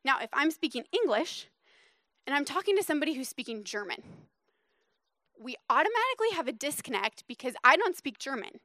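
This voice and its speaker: A woman preaching a sermon to a small group, animated and conversational, dropping to a hush for emphasis. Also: sits high, dry recording, studio quality.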